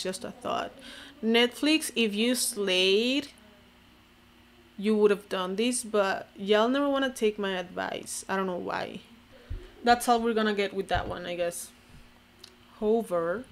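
A young woman with a touch of vocal fry talks casually to camera, wry and self-deprecating. She is from Mexico and peppers every thought with "like". Her voice sits at an ordinary middle pitch for a woman. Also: unhurried, pauses often, slight background noise. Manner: sarcastic, self-mocking, heavy use of "like". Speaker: vlogger.

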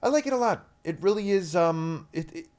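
A man's voice: sits high, lively intonation, fairly quick, a little mellow. A man in his forties from the US East Coast, a guest chatting casually in an interview, rambling and interrupting himself.

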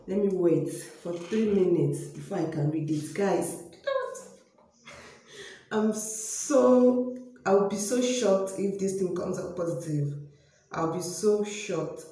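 A young woman with a Nigerian accent, vlogging casually to her viewers at home, excitable and repeating herself as she talks straight to them. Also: on the low side. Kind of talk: casual vlog talking to camera. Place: home room by a toilet, indoors. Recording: very echoey small room.

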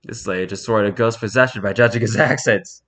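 Bright-voiced man reading posts aloud. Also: on the low side, brisk. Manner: reads posts with quiet muttered asides. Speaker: host reading social media posts.

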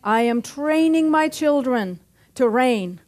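A middle-aged woman pastor gives a church sermon slowly, her high voice expressive and a bit mellow. She jokes, lands punchy lines, and often calls out for an amen.

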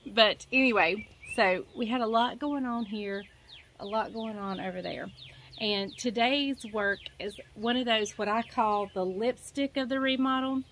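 A woman's voice: a little high, a little slow, a bit bright, slight background noise. A woman chatting casually in a home-remodel vlog, rambling and correcting herself as she goes. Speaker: vlogger, pastor's wife. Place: outdoors at home.

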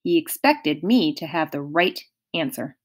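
Woman, audiobook narrator, slow, expressive, measured storytelling. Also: sits low.

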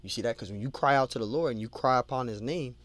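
A man leading a casual Bible study in a mid-range voice, reading verses aloud slowly and then explaining them in loose, repetitive talk. His sound is close and dry, with no room around it. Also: mid-range voice, a bit bright, no echo. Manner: conversational, repeats and restarts words, adds "man" and "you know"; reads scripture aloud slowly, then lists word meanings. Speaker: Bible teacher.

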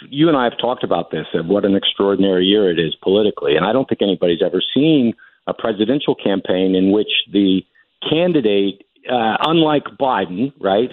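A man in his fifties from New Jersey, a political journalist calling in, speaking in a measured, skeptical way over a telephone. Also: lowish voice, dry recording. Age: 50s. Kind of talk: phone-in interview. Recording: tinny phone line.

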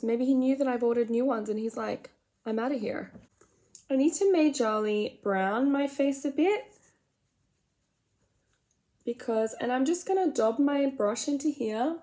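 An Australian woman in her forties, fairly high-voiced, chats unhurriedly through a comic makeup tutorial. She rambles and pokes fun at herself. Now and then she drops into a hushed whisper. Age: 40s. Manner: rambling, self-mocking, drifts into soft whispered asides. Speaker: makeup vlogger. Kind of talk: comedic get-ready-with-me chat.

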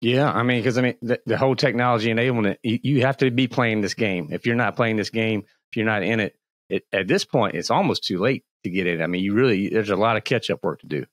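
A man's voice: lowish voice, quick pace, dry recording. Casual male podcast host, friendly interviewer, dry close sound. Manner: casual, friendly, asks open questions. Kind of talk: conversational interview.

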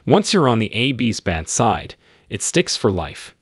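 A man's voice: on the low side, very animated, unhurried, husky, no room sound, studio quality. A man telling his own story as scripted first-person narration, in terse, clipped, matter-of-fact sentences.

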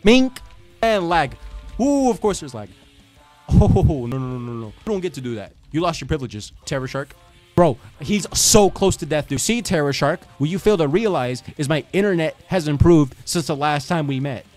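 Young man, gaming commentary, excitable, talks to the enemy, slightly high voice, faint game music. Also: brisk. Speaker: gaming YouTuber. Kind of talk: gameplay commentary.

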